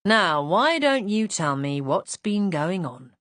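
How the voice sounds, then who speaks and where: A composed male police inspector, as a woman narrator puts him on, polite yet pointed, probing with quiet skepticism. His questions come unhurried and even, in a close, dry read for a mystery audiobook. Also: fairly low pitch, no room sound, full character voice. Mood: calm, probing. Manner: calm, measured, quietly skeptical.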